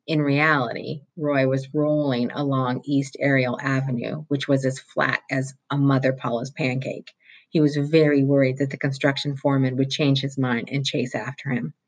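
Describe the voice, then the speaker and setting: A reader reading a novel chapter aloud at a steady pace, with small slips and restarts. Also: mid-range voice, slightly rough, low-quality recording. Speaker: audiobook reader.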